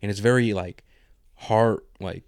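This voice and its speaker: A man's voice: on the low side, steady tone, unhurried, no echo, studio quality. A man co-hosting a podcast in casual chat, rambling in slang and retelling scenes with quoted lines. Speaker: podcast co-host.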